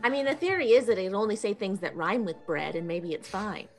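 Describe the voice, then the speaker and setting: A woman's voice: mid-range voice, expressive, brisk, faint music behind. A woman playing her character in a tabletop game, chatty and playful. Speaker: player. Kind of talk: in-character tabletop role-play.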